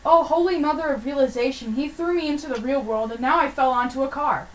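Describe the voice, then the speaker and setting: A woman voicing a goofy, excitable boy who writes silly letters, with squealing, over-the-top exclamations. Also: sits high, fast talker, close to an everyday voice. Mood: manic. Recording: distant mic.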